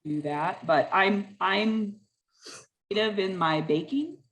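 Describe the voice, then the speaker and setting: A woman's voice: medium pitch, slow, a bit bright, rough recording. A woman being read for as a client, chatting hesitantly about her life. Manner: hesitant, restarts and qualifies. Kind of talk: casual chat.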